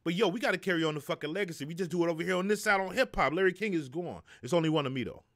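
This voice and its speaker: A man's voice: high voice, very fast, a bit bright. A middle-aged man hosting a live stream, talking loosely and profanely, joking and reading chat messages aloud. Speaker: live show host. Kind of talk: casual live-stream talk.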